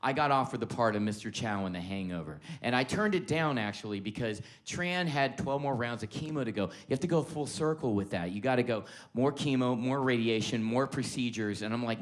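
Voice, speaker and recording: Man, middle-aged, stand-up set, profane, shifts from shouting to hushed, laughter behind. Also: medium pitch, brisk, few pauses. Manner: loud swings between shouting and hushed confiding; profane, conversational, self-mocking. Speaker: stand-up comedian.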